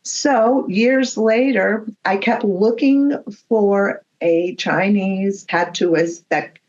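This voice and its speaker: A woman recounts her experiences at an unhurried pace, bringing anecdotes to life by acting out each exchange. Her voice sits at an ordinary middle pitch. The recording sounds slightly dull and muffled. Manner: animated anecdotes, acts out dialogue. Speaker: guest medium. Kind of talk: casual storytelling chat.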